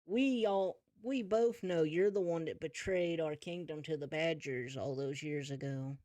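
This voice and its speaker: A man's voice: a little high, a little slow, warm tone, dry recording, lightly acted. A man voicing a proud, defiant widowed mother wolf in a tabletop role-play.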